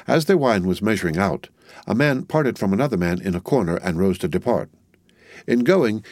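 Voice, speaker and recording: A man narrating a classic novel in a measured, literary storytelling manner. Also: fairly low pitch, darkish tone, dry recording. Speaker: audiobook narrator. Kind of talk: scripted narration. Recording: dry close studio sound.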